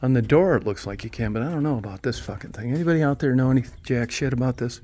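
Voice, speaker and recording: A man's voice: medium pitch, fast talker, mellow. A middle-aged man rambling in a casual vlog, swearing a lot and mocking himself in a wry, ranting way. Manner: profane, wry, self-mocking rant. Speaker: vlogger.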